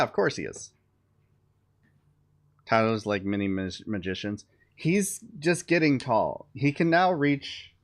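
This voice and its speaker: A man with a somewhat low voice, riffing through loose political commentary on a live stream. He talks bluntly and sarcastically, with offhand swearing and wry asides. He sounds like a young parent chatting to his viewers.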